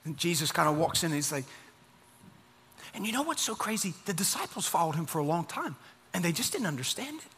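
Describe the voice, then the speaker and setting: A man preaching a sermon as pastor, animated and emphatic, building to fervent peaks. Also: a little high, a little fast, slightly rough, big-room sound.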